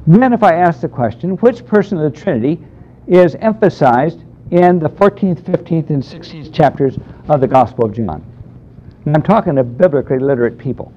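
A man's voice: fairly high pitch, dark tone. A man teaching a Bible class in a conversational, emphatic way, taking questions from the room. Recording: dull lo-fi lecture recording.

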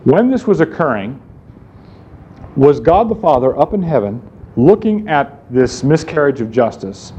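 A man's voice: a little high, sing-song, a little slow, warm tone, husky. A man preaching a sermon in an emphatic way, asking rhetorical questions and answering them himself. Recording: slightly dull recording with faint room noise.

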